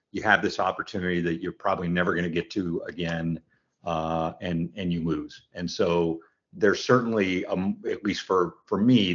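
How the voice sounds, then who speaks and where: A man in his sixties, a football coach, telling his story in an earnest, reflective way as an interview guest. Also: deep voice. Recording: dull lo-fi sound.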